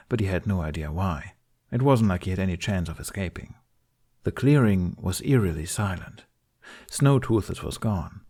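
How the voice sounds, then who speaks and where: A man narrating a fan fiction story aloud in a steady, measured storytelling manner. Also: low-pitched. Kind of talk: scripted narration.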